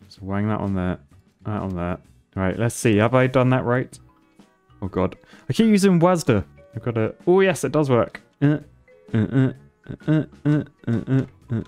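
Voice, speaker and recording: A man's voice: mid-range voice, moderate pace, darkish tone, faint music behind. A man commentating his gameplay on a stream, thinking aloud and laughing often.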